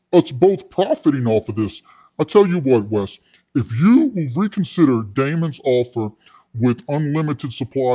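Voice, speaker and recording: A man's voice: medium pitch, dark tone. A man playing a persuasive male billionaire investor making a deal. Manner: persuasive, bargaining.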